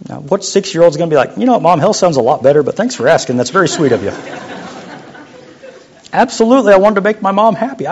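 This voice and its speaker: A man's voice: fairly high pitch, breathy edge. Joking, conversational male youth pastor. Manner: conversational, joking preaching with sudden quiet drops. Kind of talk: sermon. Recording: muffled lo-fi sound.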